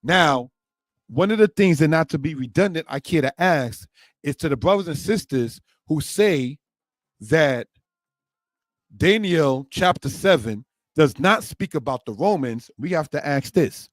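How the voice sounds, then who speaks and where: A man's voice: a little high, lively intonation, a little slow, no room sound. A man teaching a scripture lesson, often calling his listeners brothers and sisters, who reads passages aloud and comments on them. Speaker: Torah teacher.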